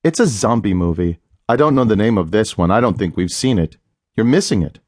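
A man voicing an anxious young woman watching TV news, speaking higher and with rising alarm. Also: expressive, a little fast, a little mellow, no echo, studio quality. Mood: impatient.

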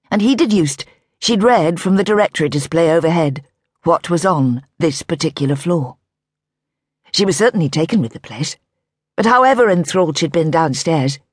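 An audiobook narrator, a woman with a slightly low, faintly husky voice, reads a novel aloud on a close studio mic. Her scripted storytelling is measured and expressive, and the booth recording is dry and close.

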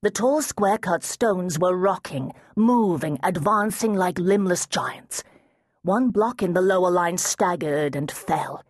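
Lady reading a fantasy audiobook, lowish husky voice, super dry close sound. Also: a little slow, no room sound. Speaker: audiobook narrator. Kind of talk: scripted narration.

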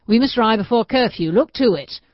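A woman doing a gruff, commanding bailiff. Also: on the high side, lively intonation, brisk, no room sound, pitched above the performer's own voice. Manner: barking orders. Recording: dull, dry audiobook recording.

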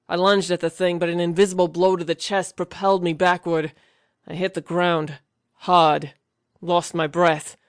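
A man's voice: high-pitched, level tone, normal speed, smooth, dry recording, studio quality. A man reading a first-person fantasy audiobook in a tense, vivid storytelling manner. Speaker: audiobook narrator.

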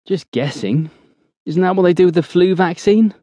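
A man's voice: high voice, moderate pace, no room sound, voice pushed up. A man voicing a level-headed male squad leader who reasons things out in a weary tone. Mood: pondering. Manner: weary, thinking out loud.

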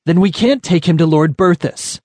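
A worried henchman speaks up in a higher, louder voice, as a male narrator puts him on. The audiobook recording is dry and close. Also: moderate pace, dry recording, natural voice.

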